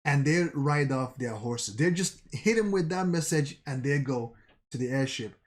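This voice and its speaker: A man's voice: mid-range voice, lively intonation. A man reading a manga aloud and narrating, often stopping to restart or reread a line. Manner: slow, rereads and restarts lines. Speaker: manga reader and commentator.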